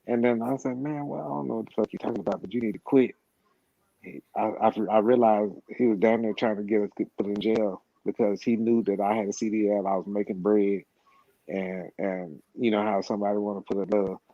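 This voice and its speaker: A man's voice: lowish voice, little pitch movement, brisk, dry recording. A middle-aged man telling a long story in casual, rambling talk, profane and full of repeated words and restarts. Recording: slightly dull, lo-fi sound.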